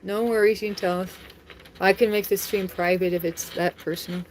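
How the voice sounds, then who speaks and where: A woman's voice: medium pitch, fairly even intonation, fairly quick, a little hiss or hum. A woman chatting casually on a live stream from home, talking straight to viewers and laughing often.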